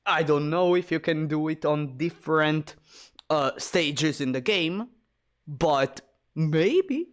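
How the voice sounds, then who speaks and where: Excitable man streaming a retro shooter. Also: a little high, slow. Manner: rambling, excitable, swears and laughs when surprised. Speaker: streamer playing a shooter game. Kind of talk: casual gameplay commentary.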